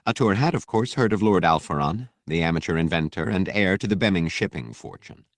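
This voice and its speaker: A man with a very deep voice reads an audiobook in a steady, measured way. The sound is dry and close, with little room around it. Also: dry recording. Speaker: audiobook narrator. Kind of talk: scripted narration.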